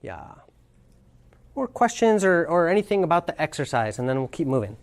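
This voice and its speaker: A man's voice: fairly high pitch, very animated, normal speed. Thoughtful man teaching a workshop. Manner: thoughtful, searching for words. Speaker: communication trainer.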